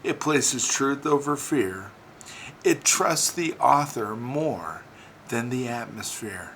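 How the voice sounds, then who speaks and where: A male preacher delivers an inspirational sermon at an unhurried pace, leaning on rhythmic repetition. His phrases swell into emphatic peaks and then settle back down. A faint ambient hum sits under the voice. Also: medium pitch, lively intonation, fairly bright tone, low-quality recording.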